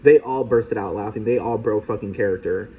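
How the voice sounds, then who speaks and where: A man's voice: fairly low pitch, a little fast, warm tone, slightly rough. A man giving profane, mocking commentary over video clips.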